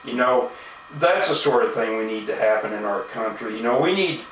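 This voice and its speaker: A man's voice: on the low side, lively intonation, normal speed, fairly bright tone, a little hiss or hum. Angry guy ranting on his vlog, swears a lot, echoey room, mic kinda far. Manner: indignant, profane, repetitive fillers. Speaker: video blogger. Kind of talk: angry monologue rant.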